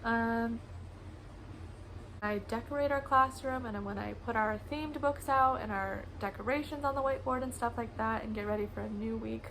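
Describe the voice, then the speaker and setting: This young preschool teacher's voice is a little high and a bit bright, moving at a moderate pace on a low-quality recording with a little hiss or hum. She tells classroom stories casually for her vlog, laughing a lot and doing the kids' voices.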